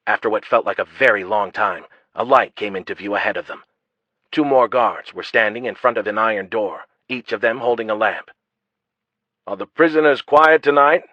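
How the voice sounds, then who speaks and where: A man narrating a fantasy audiobook in a steady, even storytelling manner. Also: lowish voice, a little fast, no echo. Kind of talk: scripted narration. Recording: dull lo-fi dry audio.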